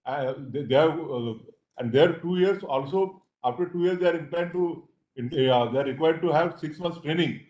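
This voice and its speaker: A man with an Indian accent, speaking as a judge from the bench in halting phrases with stammers and restarts. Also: fairly high pitch, darkish tone. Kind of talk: courtroom remarks from the bench. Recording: dull, echoey courtroom audio.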